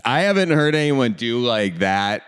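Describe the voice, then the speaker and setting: A man's voice: mid-range voice, very animated, normal speed, fairly bright tone, clean tone. A man hosting a podcast, introducing a clip and chatting with his guest, encouraging and effusive. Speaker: podcast host. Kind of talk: casual interview chat.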